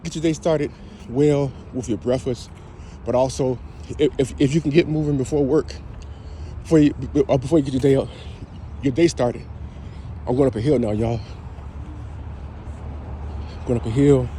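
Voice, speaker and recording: A man's voice: mid-range voice, fairly even intonation, normal speed, pauses often, warm tone, slight background noise. A man giving an upbeat, encouraging wellness vlog to his viewers while walking outdoors. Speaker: health and wellness vlogger. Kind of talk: casual motivational vlog. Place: outdoors, walking on a route with trees.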